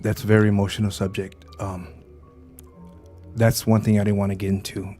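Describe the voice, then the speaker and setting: A man hosting a paranormal podcast, speaking calmly and with reserve in a casual chat. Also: on the low side, fairly quick, soft background music. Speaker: podcast host.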